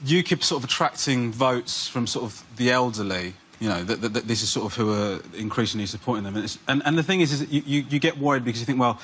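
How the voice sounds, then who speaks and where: Male comic panellist, talks fast, mid-pitched, in a noisy studio. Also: a bit bright. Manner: rambling, full of filler phrases. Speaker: comedian panellist. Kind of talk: stand-up banter on a panel show.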